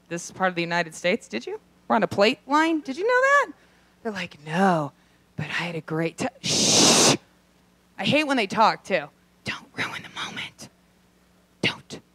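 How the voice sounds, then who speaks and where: A young adult woman performing a brash, profane stand-up set, acting out quick voices in her asides. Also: medium pitch, a bit bright, no echo. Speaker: stand-up comedian. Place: comedy club stage.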